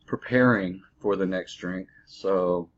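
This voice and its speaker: A man giving a casual beer review, halting and full of fillers, recorded on a dull lo-fi mic. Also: sits low. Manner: halting, filler-heavy, easygoing.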